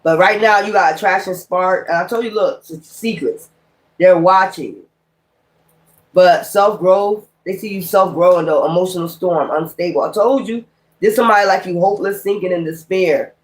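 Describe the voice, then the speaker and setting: A woman's voice: on the low side, normal speed. A woman giving a casual tarot card reading in a blunt, exasperated, profane manner, with slangy, rambling street talk. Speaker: tarot reader.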